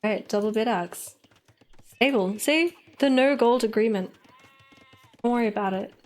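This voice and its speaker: Female streamer-caster, slightly high voice, playful live commentary. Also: unhurried. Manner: playful, teasing, giggly.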